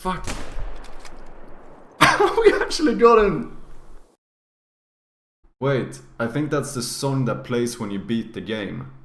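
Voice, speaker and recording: A man's voice: mid-range voice, big pitch swings, slow pace, pauses often, fairly bright tone. A man livestreaming himself playing games, chatting casually, swearing often and laughing at himself. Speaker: streamer. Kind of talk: live gameplay commentary.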